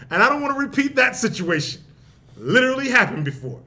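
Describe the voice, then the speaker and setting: A man hosting a podcast, telling profane, animated stories in casual chat, laughing often. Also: very high-pitched, fast talker. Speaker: podcast host.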